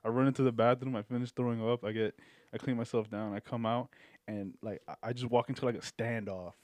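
A young man spins a long, loose anecdote on a podcast, full of cursing and restarts, laughing at his own story. His voice sits at an ordinary pitch and the sound is close and dry with no room echo. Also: fairly even intonation, fast, darkish tone. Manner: rambling, profane, laughs mid-story. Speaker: podcast guest. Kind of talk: casual storytelling.

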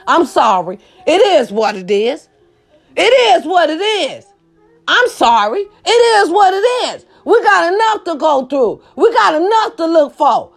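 A woman ranting to camera, blunt and profane, firing rhetorical questions and swinging between shouting and low muttered asides. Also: very animated, unhurried. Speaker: social media commentator. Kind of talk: impassioned rant to camera.

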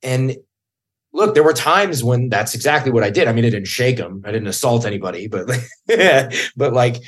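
A man's voice: medium pitch, lively intonation, normal speed. A man in casual podcast talk, blunt and swearing, who gets heated when he acts out what he said back then. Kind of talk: casual chat.

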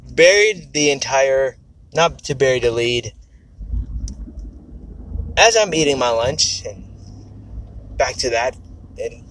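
A man's voice: medium pitch, a bit bright, slight background noise. Guy venting on his podcast, rambly and cussing a lot, keeps restarting his sentences, sounds on edge. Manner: rambling, frank, profane, self-correcting. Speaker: podcast host. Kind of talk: casual personal monologue.

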